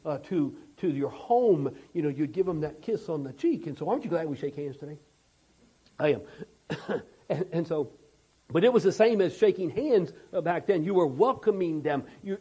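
A man preaching a sermon with dynamic delivery, swinging from loud emphasis to hushed, intense passages. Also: high voice, husky, rough recording. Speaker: pastor.

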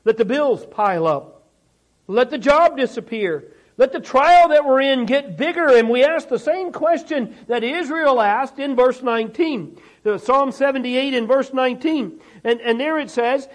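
A man's voice: extremely high pitch, expressive, moderate pace. A male pastor preaching a sermon in a conversational way, often repeating words and restarting phrases, and building emphasis on rhetorical questions.

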